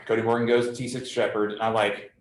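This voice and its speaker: A man's voice: fairly low pitch, level tone, quick pace, echoey room, low-quality recording. A man, a squadron commander, talking candidly and bluntly to his officers in a casual, jargon-filled way. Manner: blunt, conversational, full of military jargon and fillers.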